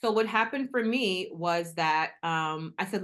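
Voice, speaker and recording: A middle-aged woman, a guest in a casual interview, telling her story with animated delivery and acting out the voices of people she quotes. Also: on the low side, measured pace.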